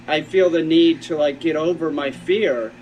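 A man telling a first-person story outdoors in an earnest, halting way, stumbling and repeating words. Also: fairly high pitch, darkish tone, slight background noise, poor audio. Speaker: storyteller in a played clip. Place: outdoors in woods.

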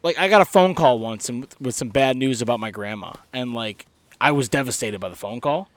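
A man's voice: medium pitch, expressive, fairly quick, no echo. A young man on a podcast, rambling and swearing through a story in casual chat, laughing as he goes. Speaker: podcast co-host.

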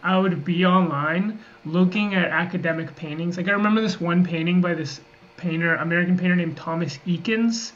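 A man with a slightly high voice co-hosts a casual livestream conversation. He rambles through long stories packed with "like" and false starts. The audio is muffled and a little dull, with faint noise underneath. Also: brisk, fairly bright tone. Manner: rambling, filler-heavy storytelling. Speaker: podcast co-host.

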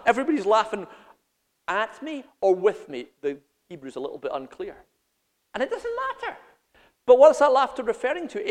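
A man preaching a sermon, animated, swinging between loud emphasis and quiet intensity, laughing as he goes. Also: high voice, long reverb tail.

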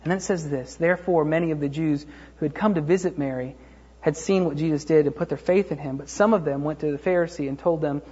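A man preaching a sermon, retelling a Bible story in a loose, conversational way with many fillers, then rising to a fervent pitch. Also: darkish tone, husky, muffled recording. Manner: acts out quoted voices, rises to a fervent pitch when preaching. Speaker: pastor.

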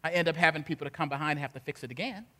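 A male pastor, preaching an animated sermon that swings from soft to loud and grows emotional. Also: a little high, rapid-fire. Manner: gets emotional and laughs while speaking.

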